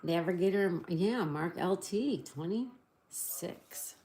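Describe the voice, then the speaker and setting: A woman hosts a relaxed live stream, working through answers and reading out viewer messages. She talks slowly and spells each word letter by letter. Her voice is mellow and sits a little low. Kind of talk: casual live-stream chat.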